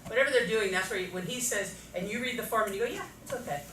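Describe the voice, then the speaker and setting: A woman's voice: medium pitch, very fast, pushed and bright. Woman presenting a workshop, echoey room. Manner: conversational, acts out students and teachers in quotes. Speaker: teacher trainer. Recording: echoey room from far off, noisy.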